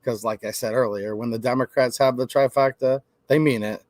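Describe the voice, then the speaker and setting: A man's voice: mid-range voice, steady tone, fairly quick, darkish tone, dry recording. A man hosting a channel, ranting brashly in casual livestream commentary to his chat. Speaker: host.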